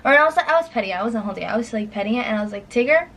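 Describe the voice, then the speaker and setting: A woman telling a personal story in casual chat, rambling with lots of fillers and acting out her past lines in a higher voice. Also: lively intonation, rapid-fire, fairly bright tone, a little hiss or hum, poor audio. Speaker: guest storyteller.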